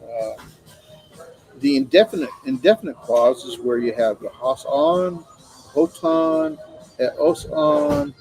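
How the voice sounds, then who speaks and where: A man's voice: mid-range voice, sing-song, slow pace, creaky, a little mellow, rough recording. Hesitant male Greek grammar teacher. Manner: hesitant, many fillers and self-corrections. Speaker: Greek instructor. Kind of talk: classroom lecture.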